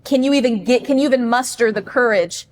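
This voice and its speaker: A woman giving casual commentary in an earnest, rapid way. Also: on the high side.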